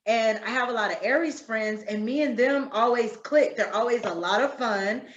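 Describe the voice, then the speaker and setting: Woman podcast cohost, animated and laughy, echoey room, kinda muffled lo-fi sound. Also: on the high side, moderate pace. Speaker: podcast co-host. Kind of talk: casual chat.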